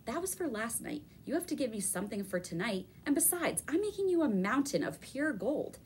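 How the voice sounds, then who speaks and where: A woman's voice: fairly low pitch, big pitch swings, normal speed, warm tone, a little hiss or hum. Brief: curt, impatient boy, plain everyday voice, read by a woman. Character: tired, impatient young boy narrator.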